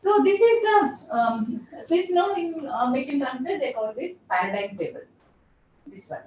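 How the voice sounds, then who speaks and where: In an echoey lecture room, a woman professor's voice comes from far off, with a little hiss or hum on the recording. Her voice sits high and is animated and slightly mellow at a moderate pace, and she patiently repeats terms while explaining her lecture.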